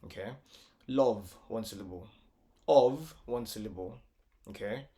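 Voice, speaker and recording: A man with a lowish, dark-toned voice speaks at a measured pace while giving a casual music tutorial. He walks through it step by step, repeating himself a lot and using plenty of filler words, and now and then he breaks into short sung phrases.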